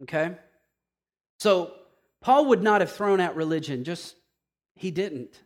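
Emphatic high-voiced male preacher. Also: lively intonation, takes it slowly. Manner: emphatic, conversational, swings between quiet and loud. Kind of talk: sermon.

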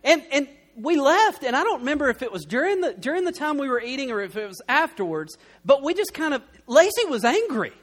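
A young adult man preaching a conversational sermon, telling stories with animated humor. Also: extremely high pitch, brisk, hardly any pauses. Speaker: pastor.

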